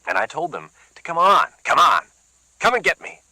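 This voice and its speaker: A man's voice: a little high, huge pitch swings, moderate pace, pushed and bright, no room sound, voice pushed up, exaggerated voice, rough recording. A man reading a stern, wise old man of eighty-six. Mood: grave.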